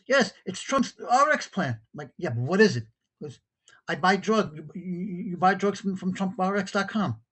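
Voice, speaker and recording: Husky, animated New York man ranting. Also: high-pitched. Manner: animated, incredulous, acts out both sides of a dialogue. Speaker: podcast host. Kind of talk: opinionated monologue, retelling a call-in exchange.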